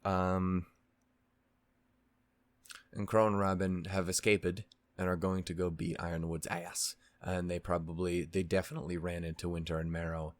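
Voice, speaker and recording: Man, very low voice, casual rambling recap, fillers and swearing, dry close sound. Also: level tone, moderate pace, dry recording. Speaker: reaction channel host.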